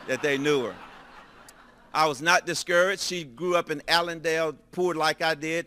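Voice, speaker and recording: An older man preaching, telling a personal story in a lively way and acting out the dialogue. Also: fairly high pitch. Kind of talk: storytelling sermon.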